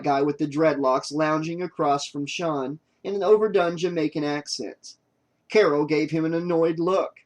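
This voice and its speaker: A man narrating a horror novel audiobook in a steady, even storytelling manner. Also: a little high, normal speed.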